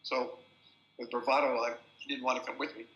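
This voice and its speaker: An older man, a film director, telling anecdotes at a festival introduction as a lively storyteller who repeats words at restarts. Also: mid-range voice, a little fast, highs cut off. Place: festival screening venue. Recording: roomy hall sound.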